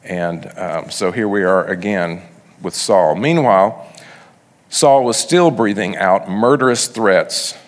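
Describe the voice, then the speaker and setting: A man's voice: on the low side, slow, big-room sound. A man preaching a sermon, reading scripture aloud and then explaining it in a conversational way. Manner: reads passages then explains them conversationally.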